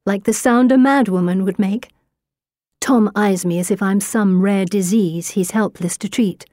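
Woman audiobook narrator, first person, dramatic and expressive, dry booth sound. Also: mid-range voice, moderate pace, dry recording. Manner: expressive, rising to tense urgency. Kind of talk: first-person novel reading.

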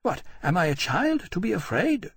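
Brief: a man doing a proud queen, high and imperious, husky, dry close audiobook sound. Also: big pitch swings, moderate pace, no echo, heavily acted. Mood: scornful. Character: young queen, fierce, proud and scornful. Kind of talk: audiobook character voice.

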